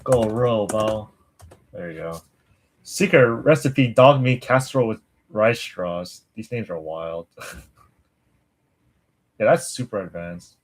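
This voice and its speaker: A man thinking aloud while studying, halting and mumbling as he works something out. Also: lowish voice, expressive. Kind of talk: casual chat while studying.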